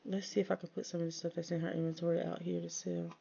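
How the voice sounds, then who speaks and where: Casting note: woman gaming streamer, gravelly, slightly low voice, chatty and exasperated, lo-fi mic. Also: level tone, fast, dark tone. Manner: chatty, talks to viewers and her game characters, exasperated asides. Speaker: gaming channel host. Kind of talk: casual let's-play commentary.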